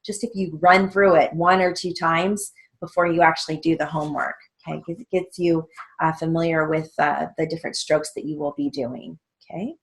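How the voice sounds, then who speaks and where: A woman's voice: sits low, steady tone. A woman teaching a steno theory lesson, patiently spelling out words letter by letter and checking in with "okay?". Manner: slow, patient, letter-by-letter dictation with frequent "okay?" check-ins.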